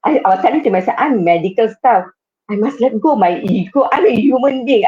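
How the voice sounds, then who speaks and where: A woman in her fifties with a Malaysian English accent, a cancer survivor and occupational therapist, tells her personal story earnestly as a guest on a live web show, often repeating phrases for emphasis. Her voice is fairly high and a little mellow, in a muffled recording.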